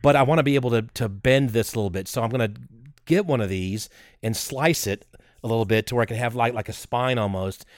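A man co-hosting a podcast, chatting casually and excitedly, rambling and restarting his sentences. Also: medium pitch, quick pace, dry recording, clean studio sound. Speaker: podcast co-host.

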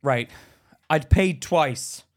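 A man's voice: fairly high pitch, drawn-out words. A man, co-hosting a podcast, telling a story in casual chat and acting out the other people's voices. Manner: animated, acts out voices in anecdotes. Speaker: podcast co-host.

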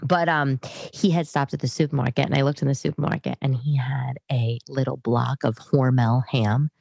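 A woman's voice: extremely low pitch, fairly even intonation, moderate pace, vocal fry, a little mellow, husky, no echo. A middle-aged woman hosting a podcast from her living room, talking in a chatty, rambling way that wanders off on tangents. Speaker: podcast host. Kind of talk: casual monologue.

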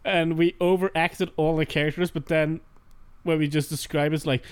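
A man with a high voice chatting eagerly with a friend. He praises things with gusto and cuts in with jokes, cursing freely. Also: level tone, moderate pace, clear, resonant tone, dry recording. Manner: enthusiastic, profane, jumps in with jokes. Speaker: podcast co-host. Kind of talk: casual chat.

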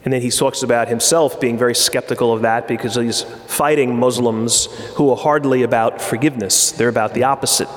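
A man's voice: mid-range voice, steady tone, fairly quick, few pauses. A man giving an earnest sermon, often restarting his phrases and reading passages aloud. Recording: echoey hall with long reverb.

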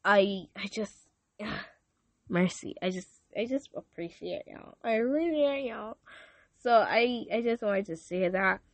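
Speaking slowly and with animation, a woman with a mid-range voice hosts a podcast and offers her listeners a casual thank-you. She's emotional and devout, repeats herself a lot, and there's no room sound.

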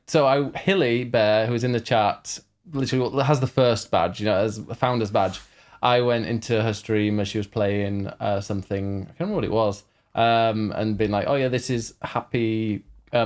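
A man's voice: lowish voice, steady tone, moderate pace. A man co-hosting a casual livestream chat, chatty and jokey, laughing often. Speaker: streamer and co-host.

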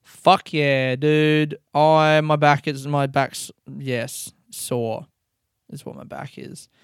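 A young man hosting his podcast in a casual, rambling monologue, excitable and swearing freely. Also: a little high, slow pace, clear, resonant tone, dry recording, studio quality. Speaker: podcast host and comedian.

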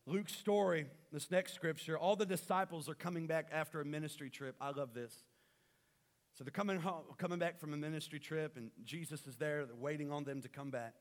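A man delivers a sermon with a somewhat high voice. He rallies the congregation loudly, then drops into quiet, earnest passages. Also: a little fast. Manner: animated, swings from loud rallying to quiet. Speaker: pastor.

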